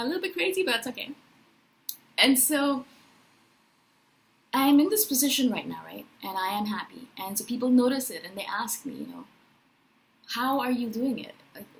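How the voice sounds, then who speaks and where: A woman in her thirties talking in a personal spiritual vlog, animated and emphatic, often checking in with "right?". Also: on the high side, moderate pace, poor audio. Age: 30s. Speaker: vlogger.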